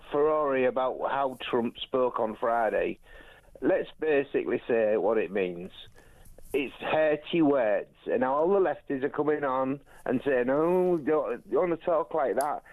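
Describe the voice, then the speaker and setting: A man's voice: medium pitch, measured pace, phone-quality sound. A man from East Yorkshire calling into a radio phone-in, blunt and opinionated, with hesitant fillers. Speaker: caller. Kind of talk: phone-in call.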